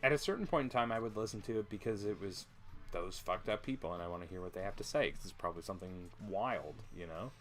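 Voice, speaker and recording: A man's voice: deep voice, lively intonation, fast, fairly bright tone, soft background music. A man co-hosting a casual live stream, speaking bluntly and swearing freely. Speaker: co-host.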